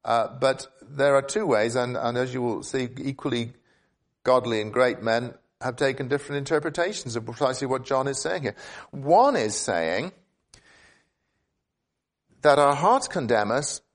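A man preaching an expository sermon, earnest, often restarting and repeating words as he thinks aloud, with sudden upward jumps of pitch for emphasis. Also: expressive, moderate pace.

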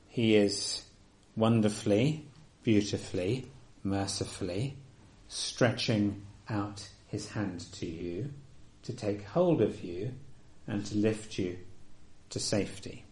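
A man preaching a sermon, earnest and emphatic, often dropping to a soft, quiet delivery. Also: lowish voice.

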